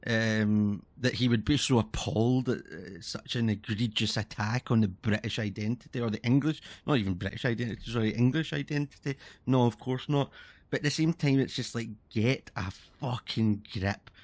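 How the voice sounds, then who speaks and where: While playing a game on stream, this man from Scotland rants in his Scottish accent, casual but heated and full of cursing. He speaks at a normal speed in a medium-pitched voice.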